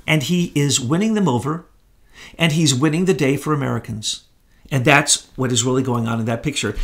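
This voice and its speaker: Emphatic man with a higher voice. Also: a bit bright. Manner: emphatic, scornful. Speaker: co-host. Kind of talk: political commentary chat.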